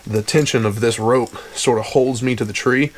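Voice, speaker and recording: A man's voice: mid-range voice, fairly even intonation, moderate pace, slight background noise. A young man with an Appalachian accent, chatting casually to viewers while working outdoors in the woods on a head-mounted mic, breathing hard from the effort. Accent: Appalachian Virginia. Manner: folksy, addresses viewers as y'all and boys. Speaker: hunting vlogger. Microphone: head-mounted camera mic without windscreen.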